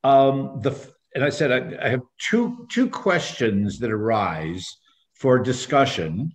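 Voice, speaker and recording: A man reading scripture aloud in a measured, unhurried way, then leading a study group discussion over a video call. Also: medium pitch, big pitch swings. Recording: roomy, dull lo-fi video call audio.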